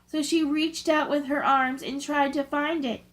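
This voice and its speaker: Woman, high voice, slow and careful, reading scary stories aloud, channel host. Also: level tone, fairly bright tone, low-quality recording. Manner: slow, careful storytelling delivery. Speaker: channel host, story reader.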